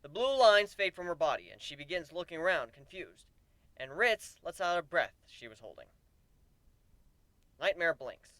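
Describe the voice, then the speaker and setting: A man giving a dramatic first-person reading of a story, swinging from deadpan asides to animated outbursts. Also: on the high side, moderate pace, no room sound. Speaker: narrator.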